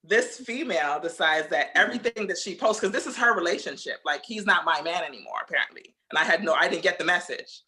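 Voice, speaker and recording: Woman guest, casual podcast storyteller: bright, forceful, blunt and profane. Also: fairly low pitch, fast, few pauses.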